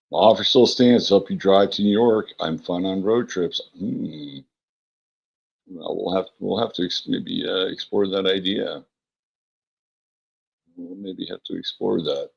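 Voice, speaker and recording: A man hosting an astrology livestream, greeting chat viewers by name in a relaxed, rambling way with many fillers and a gravelly, husky voice. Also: low-pitched, highs cut off. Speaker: astrology show host.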